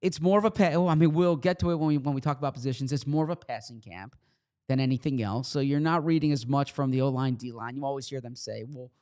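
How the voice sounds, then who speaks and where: Co-hosting a sports podcast, a man with a slight Philadelphia accent chats casually in a mid-range, clear, resonant voice with a darkish tone and quick pace. He is conversational, explaining things with frequent repeats and restarts.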